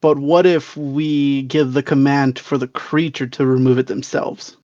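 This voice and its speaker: A man playing in a tabletop game, talking in halting restarts and swearing casually. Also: medium pitch, flat delivery, darkish tone, dry recording, lo-fi sound. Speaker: player.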